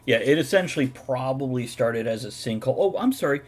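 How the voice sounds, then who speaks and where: A man's voice: mid-range voice, animated, a little fast. A man running a tabletop game as game master, who explains the scene methodically and laughs often.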